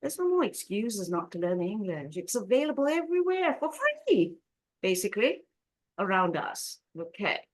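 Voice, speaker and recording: A woman's voice: medium pitch, sing-song. A woman teaching an English lesson, drawing out words to model stress and asking learners questions. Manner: drawn-out modeling of word stress. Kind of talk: online business English lesson.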